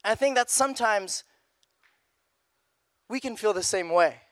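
A young man preaching a youth sermon in a casual, animated way, repeating phrases. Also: high-pitched, measured pace, no echo. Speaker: youth pastor.

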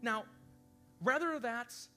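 A man preaching as a pastor, telling a story in an animated, chatty way with lots of fillers. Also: very high voice, slow pace, soft background music. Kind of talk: storytelling sermon.

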